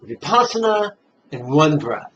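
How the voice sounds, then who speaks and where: A man teaching meditation in a relaxed, playful dharma talk, chuckling at his own jokes and guiding listeners step by step through the breath. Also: fairly high pitch, slight background noise. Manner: guides listeners slowly through breathing steps. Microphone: camera mic, self-filmed. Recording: dull, muffled camera audio.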